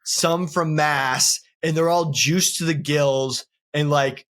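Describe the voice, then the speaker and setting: Male podcast host, casual and profane, quick joking delivery, somewhat high voice. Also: steady tone, a bit bright. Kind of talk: casual chat.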